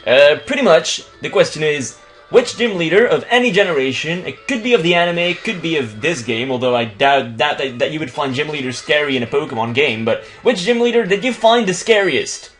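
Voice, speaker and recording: Animated young man, English. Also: fairly high pitch, a little fast. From Belgium. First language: not English. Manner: casual, crude and rambling, with many restarts. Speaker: let's play host. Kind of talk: let's play commentary.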